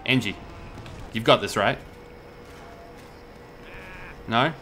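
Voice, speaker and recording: A man's voice: mid-range voice, moderate pace, background noise. A man gaming in casual voice chat, cursing and bantering with teammates. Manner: sweary, animated banter. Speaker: gamer.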